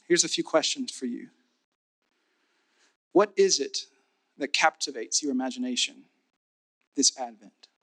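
A man preaching a sermon as pastor, building to fervent repeated declarations and then dropping to a soft, intimate tone. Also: medium pitch, a little slow, pauses often.

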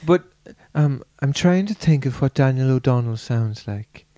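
A man's voice: medium pitch, animated, measured pace, mellow, no echo. A man hosting a podcast in easy, rambling chat. His voice sits in the middle range. He often stops to restart his sentences. The sound is dry and close to the mic. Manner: rambling, hesitant, lots of fillers and restarts, playful. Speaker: podcast host. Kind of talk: casual chat.

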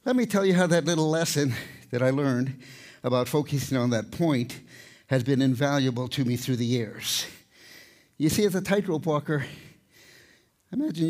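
An older man, a tightrope walker, giving a live talk with storytelling and light humor, out of breath at times. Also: on the high side. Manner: storytelling, warm humor, pauses to catch breath. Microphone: microphone, speaking to a live audience.

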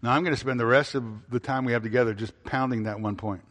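A man's voice: medium pitch, fairly even intonation, quick pace, a bit bright, big-room sound. A man preaching a sermon in an ordinary mid-range voice. He puts questions to the congregation and answers them himself. He repeats key phrases for emphasis, with frequent fillers. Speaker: pastor.

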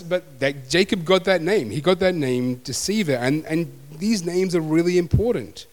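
A man's voice: fairly high pitch, lively intonation, normal speed, hardly any pauses. A man preaching a sermon as pastor, conversational and self-deprecating. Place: church hall. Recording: long hall reverb.

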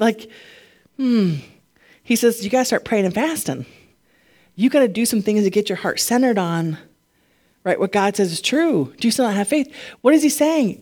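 At a normal speed and in a mid-range voice, a woman preaches a relaxed, conversational sermon. She's chatty and animated, her voice going up as her passion builds.

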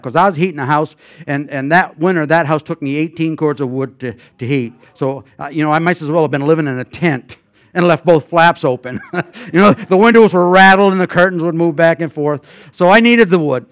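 An older man preaching a sermon as guest pastor, telling personal stories with many fillers and restarts, swinging between loud emphatic passages and quiet asides. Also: on the high side, a little fast, no room sound, clean studio sound.

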